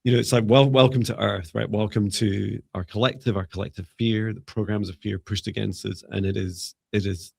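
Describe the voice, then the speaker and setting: A man leading a live spiritual energy healing, speaking in a soft, slow, meditative way with pauses. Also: lowish voice, steady tone, gravelly, husky, no echo. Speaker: psychic healer.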